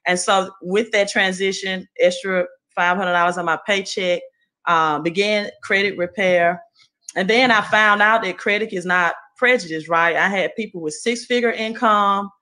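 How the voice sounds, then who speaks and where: A woman with a Southern accent giving an earnest, motivational testimonial on a group call, with many pauses and "right?"s. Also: mid-range voice, pushed and bright. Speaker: guest speaker.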